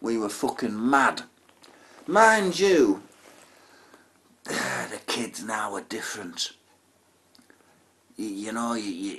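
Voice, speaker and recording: A man's voice: medium pitch, a bit bright. A man telling a profane comic story, with chatty asides and laughter. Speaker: comedian.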